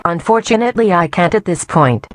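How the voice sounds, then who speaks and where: A woman's voice: on the low side, animated, a little fast, slight background noise, close to an everyday voice. A woman playing a composed, guarded hospital staff member in an amateur audio drama. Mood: firm.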